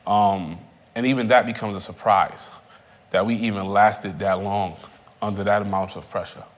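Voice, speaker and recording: A man in his thirties giving personal testimony in a reflective, halting way, often repeating phrases. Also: lowish voice, fairly even intonation. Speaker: interviewee. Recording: reverberant room.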